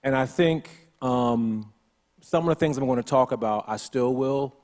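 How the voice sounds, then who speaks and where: Brief: male panelist, mid-pitched, halting and self-correcting, long reverb of a church hall. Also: darkish tone. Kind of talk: conference panel talk. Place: church auditorium.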